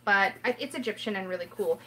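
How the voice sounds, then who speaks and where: A woman's voice: mid-range voice, fast talker, bright, forceful tone, a little hiss or hum. A woman hosting a casual tarot livestream, chatting playfully and often interrupting herself. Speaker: tarot channel host.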